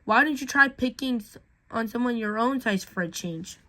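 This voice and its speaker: A woman voicing a popular schoolgirl who is firm yet gentle, reading her lines in a story. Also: fairly high pitch, moderate pace, voice pushed up. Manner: firm, then gentle and playful. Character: popular schoolgirl, bold and friendly.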